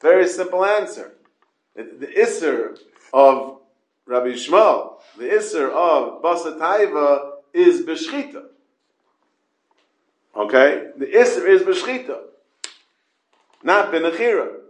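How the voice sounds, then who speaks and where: Teaching a Talmud class, a man with a fairly high, expressive voice takes it slowly, leaving long pauses in a roomy-sounding space. He repeats points and explains through rhetorical questions, putting stress on key words.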